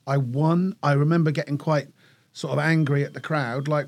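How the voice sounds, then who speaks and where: A man's voice: fairly high pitch, steady tone, normal speed. A man telling a self-mocking story on a casual podcast, laughing often.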